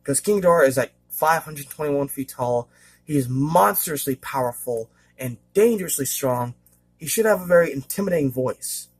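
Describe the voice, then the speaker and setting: A man vlogging casually in a rambling, hesitant way, with many fillers and frequent throat-clearing. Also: on the high side, lively intonation, moderate pace. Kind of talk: casual monologue.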